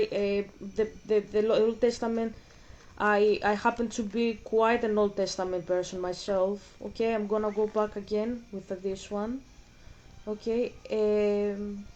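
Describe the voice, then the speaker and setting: A woman's voice: medium pitch, darkish tone. A woman streaming a game, chatting casually in a rambling way, repeating herself and breaking off for game moves. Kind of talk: casual livestream chat while gaming.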